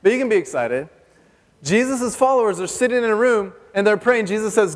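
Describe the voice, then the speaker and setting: A male pastor preaches in a church hall with a long reverb, his high voice animated and fairly quick. He keeps it chatty and joking, tossing questions to the congregation.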